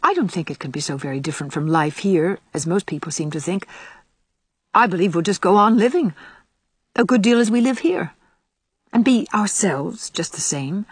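A woman reading an audiobook voices a gentle, thoughtful young woman, speaking low, quiet and hesitant. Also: breathy edge, no room sound.

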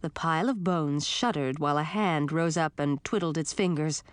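A woman reading a first-person fantasy story with steady, expressive narration. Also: low voice, normal speed, clean tone, no echo. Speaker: audiobook narrator.

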